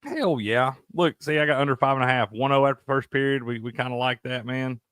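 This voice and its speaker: A man's voice: medium pitch, fairly quick, smooth, no echo, studio quality. A man co-hosting a casual sports betting chat, cursing freely and laughing often. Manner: profane, animated, laughs a lot. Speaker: sports betting show co-host.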